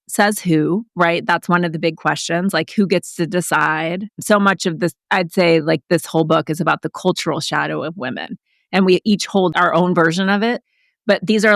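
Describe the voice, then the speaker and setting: A woman with a fairly low voice talks as a guest in a relaxed interview, thinking aloud and looping through casual fillers. Her voice sounds close and dry, with little room around it. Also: no echo. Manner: reflective, talkative, many fillers like "like". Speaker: author and podcast guest.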